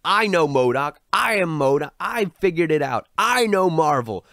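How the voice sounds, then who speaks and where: Man putting on a cocky, self-important male writer, voice pushed up higher and louder, dismissive of fans, dry close sound. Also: very animated, moderate pace, no room sound. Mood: smug, boastful. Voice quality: loud and boastful. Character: smug arrogant adult male writer mocking his fans.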